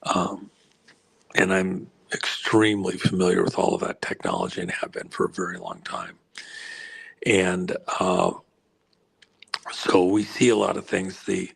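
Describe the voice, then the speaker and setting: A man being interviewed as a guest, explaining at length while losing his voice, often clearing his throat and pausing on fillers. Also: sits low, poor audio. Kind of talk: rambling explanatory interview answer.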